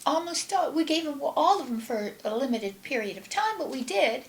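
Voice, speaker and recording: A woman co-hosting a tarot reading show, chatting casually and then leading a slow, meditative gratitude prayer. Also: high-pitched, lively intonation. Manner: slow, meditative, trails off and restarts. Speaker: tarot reader co-host. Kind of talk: casual chat and guided prayer.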